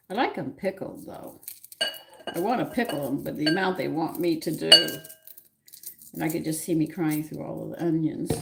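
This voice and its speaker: A woman with a low, gravelly voice hosts a cooking stream from her home kitchen. She chats loosely to her viewers, her pet and herself as she works. Dishes and pans clatter loudly behind her in the noisy room. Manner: chatty, talks to herself, viewers and her pet while working. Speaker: cooking show host. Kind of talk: casual cooking livestream chat.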